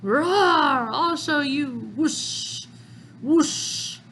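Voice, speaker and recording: A woman voicing a brutish male pirate brawler with gorilla fists, growling slow threats in a manga read-aloud. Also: high-pitched, a bit bright, slight background noise, voice pushed up, heavily acted. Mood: menacing.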